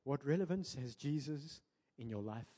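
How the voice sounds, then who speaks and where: A South African man preaching a sermon to his church, switching between English and Afrikaans and building to loud, emphatic peaks. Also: medium pitch, expressive, normal speed. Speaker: pastor. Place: church sanctuary. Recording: preacher in a large reverberant church hall.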